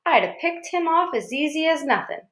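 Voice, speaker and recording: A woman's voice: high-pitched, animated, brisk, a bit bright, pitched above the performer's own voice. A woman voicing a talkative, friendly country boy with an Arkansas drawl. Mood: eager. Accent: Southern US (Arkansas). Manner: rural drawl, eager chatter. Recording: roomy echo.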